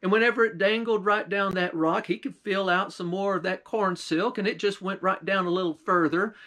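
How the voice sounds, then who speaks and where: Male pastor, high pitch, folksy drawling storyteller. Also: fairly even intonation, normal speed, fairly bright tone. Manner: folksy drawl, often starting lines with "why". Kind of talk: folk tale storytelling.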